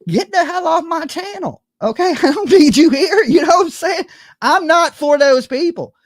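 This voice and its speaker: A man's voice: extremely high pitch, lively intonation, moderate pace, dry recording. A man hosting a late-night livestream, ranting to his viewers in a heated, profane and emphatic way. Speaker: YouTube livestream host.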